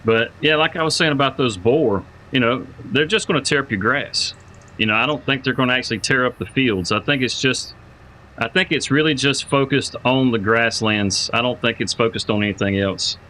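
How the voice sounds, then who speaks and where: A man hosts a live game stream, rambling casually and greeting viewers by name. His voice is bright and forward. Faint game noise sits quietly behind him. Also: medium pitch, moderate pace, poor audio. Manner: rambling, repeats words while thinking aloud. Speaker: livestreamer playing a farming game.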